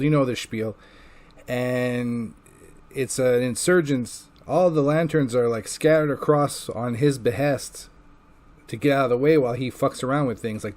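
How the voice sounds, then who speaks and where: A man's voice: medium pitch, a little mellow. A man recaps comic books in a loose, off-the-cuff way. He swears freely and leans on filler words. He acts out bits of the story as he goes. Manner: loose and profane, with filler words and acted-out quotes. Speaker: comic book reviewer. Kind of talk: casual rambling recap.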